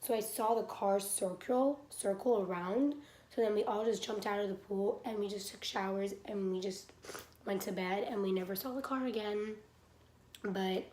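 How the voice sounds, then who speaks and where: A woman's voice: mid-range voice, moderate pace, mellow, reverberant, slight background noise. A young woman vlogger telling a scary personal story in a casual, rambling way, saying "like" constantly, with a stuffy nose. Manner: rambling, heavy use of "like".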